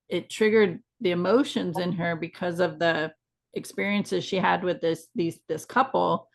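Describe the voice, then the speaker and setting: A woman's voice: on the low side, vocal fry. A woman co-hosting a casual chat about grief, telling a story in a reflective, meandering way. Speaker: podcast co-host.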